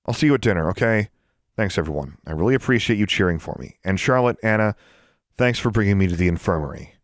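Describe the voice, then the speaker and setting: Guy doing a scrappy teen witch girl, raised a bit higher, snappy and defiant, dry close sound. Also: animated, quick pace, no echo, natural voice. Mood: warm. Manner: defiant, sharp-tongued.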